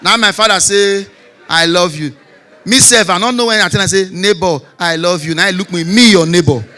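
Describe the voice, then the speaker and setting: Speaking a little fast, a Nigerian Pidgin English–accented comedian in his 40s works through stand-up stories. Punchlines come out shouted, while asides sink low.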